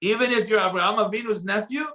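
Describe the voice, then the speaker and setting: Animated man teaching a Torah lesson. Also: sits high, fast, low-quality recording. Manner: animated, acts out quoted voices with sharp rises and drops in loudness. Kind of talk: spoken Torah lesson with storytelling.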